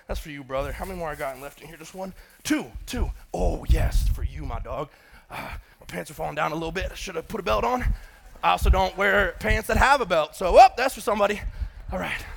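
A man's voice: a little high, lively intonation, a little fast, gravelly, hardly any pauses. A man, a pastor giving a sermon in a church auditorium, casual and joking with the congregation.

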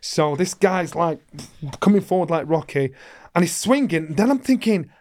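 A man's voice: sits high, animated, moderate pace, a little mellow. A middle-aged man, a guest in an interview, who tells a long story with energy and acts out the voices of the people in it. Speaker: guest, former boxing world champion.

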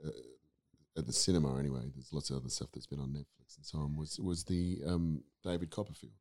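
A man's voice: a bass voice, fairly even intonation, fast talker, darkish tone. An Australian man, an actor and teacher, talking through ideas in a casual podcast, rambling with frequent restarts. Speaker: guest actor and acting teacher.

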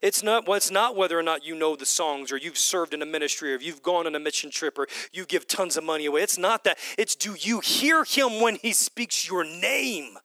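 A man preaching a sermon to his congregation, animated, swinging between loud bursts and hushed whispers. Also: a little high, brisk, few pauses, dry recording. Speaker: pastor. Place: church hall with congregation.

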